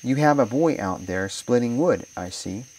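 A man's voice: mid-range voice, expressive, moderate pace, a little mellow, distant mic, a little hiss or hum, close to an everyday voice, rough recording. A man voicing a blunt, disapproving travelling peddler in a read-aloud story.

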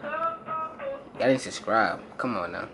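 A man's voice: lowish voice, wildly swooping pitch, takes it slowly, sharp tone, faint music behind. A young man filming a casual vlog outdoors at a youth football game, joking and hyping the camera in slangy talk. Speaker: vlogger.

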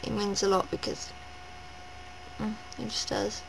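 A woman vlogging at home, gushing and rambling in a breathless, excited rush. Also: medium pitch, unhurried, vocal fry, background noise. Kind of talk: excited personal vlog. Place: at home indoors.

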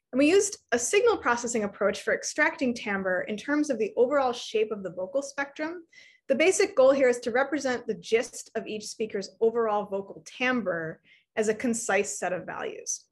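A woman in her thirties giving an academic lecture, explaining research in a clear, measured way. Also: a little high.

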